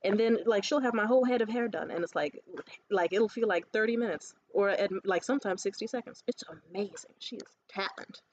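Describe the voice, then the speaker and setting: A woman ranting casually to the camera, telling stories in a lively, profane way and acting out other people's lines. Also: medium pitch, lo-fi sound, slight background noise. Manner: animated, profane storytelling; acts out others' lines in quick asides. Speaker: vlogger.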